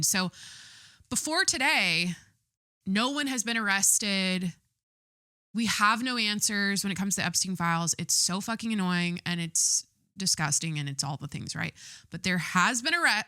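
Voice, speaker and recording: A woman's voice: mid-range voice, sharp tone, no echo, studio quality. A woman podcast host chatting casually as she reads out news items and reacts bluntly, swearing and often stopping to correct herself.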